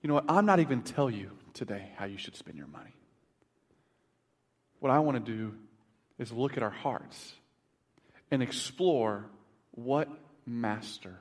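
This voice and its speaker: A man in his thirties preaching a sermon in church, telling family stories with big swings between loud and hushed. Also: medium pitch, animated, a little slow, long pauses. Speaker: pastor. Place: church sanctuary. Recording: long hall reverb.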